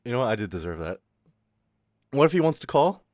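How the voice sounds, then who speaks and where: A male streamer chatting casually with his viewers, swinging from loud outbursts to low mutters and swearing freely. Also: big pitch swings, a little fast, no room sound, clean studio sound. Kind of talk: casual livestream chat with viewers.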